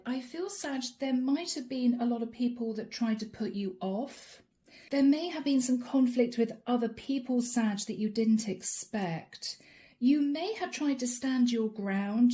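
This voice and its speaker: A woman tarot reader, middle-aged, with a soft, mellow tone that sits a little higher than most. She talks directly to her viewers, coaxing and reassuring them and circling back over the same encouraging phrases. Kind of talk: channeled tarot reading to camera.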